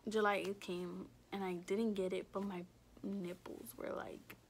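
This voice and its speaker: A young woman telling a personal story in a casual, rambling way, filling every pause with "like" and swearing freely. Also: medium pitch, little pitch movement, gravelly, a little hiss or hum. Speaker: vlogger.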